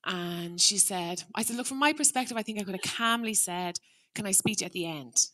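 A woman in middle age speaks from a stage in a bright, forward voice at an ordinary pitch. She tells her story earnestly and reflectively, acting out both sides of a conversation. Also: fairly quick. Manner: earnest, reflective, acts out dialogue. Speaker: teacher turned restorative practice trainer. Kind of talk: prepared public talk with storytelling.

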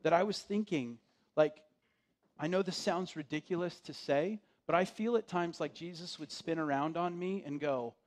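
A man's voice: fairly high pitch, normal speed, a little hiss or hum. Man preaching in a conversational tone. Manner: conversational storytelling, drops to a hush for quoted lines. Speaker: pastor. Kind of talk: sermon.

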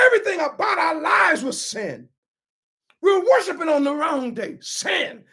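A man preaching a sermon with impassioned shouting and rhetorical questions. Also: very high-pitched, big pitch swings, moderate pace, vocal fry.

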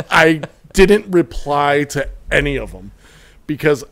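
Midwestern male podcast host, gravelly, crude and jokey storyteller. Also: fairly high pitch, lively intonation, unhurried, a bit bright. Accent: American Midwest. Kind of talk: casual chat.

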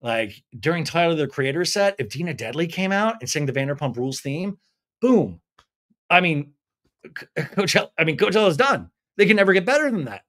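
A tipsy male podcast host giving a casual, animated, rambling TV recap. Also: a little high, brisk.

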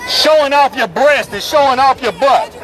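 A man preaching in the open air on a city street, forceful and repetitive, calling out the people passing by. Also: very high-pitched, expressive, moderate pace, poor audio. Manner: forceful and repetitive, calls out passersby. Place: busy city street outdoors. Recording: street crowd and traffic noise. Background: crowd chatter and passing vehicles.

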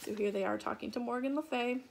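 A woman teacher reading a storybook aloud to young children in slow, clear, expressive speech. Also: fairly high pitch, noisy background.

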